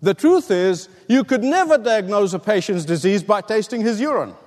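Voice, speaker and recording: A man's voice: high voice, lively intonation, normal speed, a little mellow. A man voicing a stern, commanding professor of medicine lecturing his students, with long hall reverb. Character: stern prominent older male medical professor.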